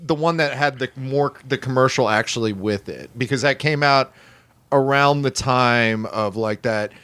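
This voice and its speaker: A man's voice: mid-range voice, normal speed, fairly bright tone, clear, resonant tone, dry recording. A man on a comedy podcast, riffing loosely with lots of likes and ums. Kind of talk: casual comedy podcast chat.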